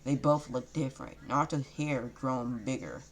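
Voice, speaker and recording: A man's voice: medium pitch, moderate pace. A man casually improvising a fan fiction story, rambling and correcting himself as he goes. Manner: rambling, self-correcting, loose grammar.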